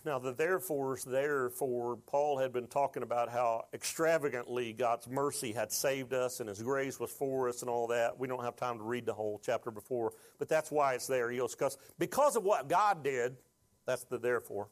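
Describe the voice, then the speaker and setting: A man's voice: mid-range voice, moderate pace. A man preaching a sermon as pastor, talking conversationally and building to fervent, rising exhortation.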